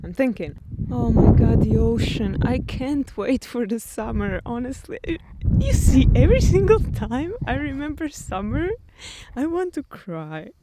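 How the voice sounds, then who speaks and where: A woman's voice: on the high side, very animated, measured pace. A young woman from Croatia vlogging outdoors on a hilltop, chatting emotionally to her camera and laughing through tears. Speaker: travel vlogger. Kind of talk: casual vlog talk to camera. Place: outdoors on a windy island hilltop. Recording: loud wind and outdoor noise.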